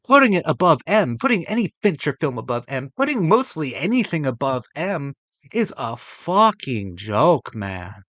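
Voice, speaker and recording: A young man reacting to a movie ranking, swearing often and swinging between loud exasperated outbursts and low muttering. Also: sing-song, moderate pace, dry recording. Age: young adult. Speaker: film reaction vlogger. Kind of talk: ranting reaction to a movie list.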